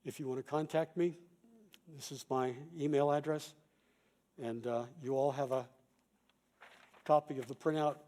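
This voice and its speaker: A middle-aged man, a pastor and chaplain, giving a calm, measured conference talk with quoted examples. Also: mid-range voice.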